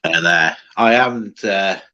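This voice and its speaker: A man calling in to a livestream, speaking haltingly with swearing and trailing "like" at the ends of his sentences. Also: deep voice, sharp tone, highs cut off. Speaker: caller on a livestream. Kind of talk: casual chat.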